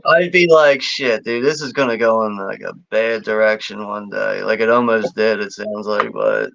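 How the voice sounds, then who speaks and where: A man's voice: lowish voice, normal speed, vocal fry, fairly bright tone, dry recording. Laid-back man, chuckling casual co-host. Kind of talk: casual chat. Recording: dull lo-fi dry sound.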